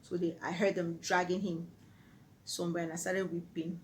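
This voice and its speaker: A woman's voice: fairly low pitch, little pitch movement, moderate pace, a little hiss or hum, poor audio. A Nigerian woman telling a personal story on her vlog in an earnest, vivid way. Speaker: vlogger.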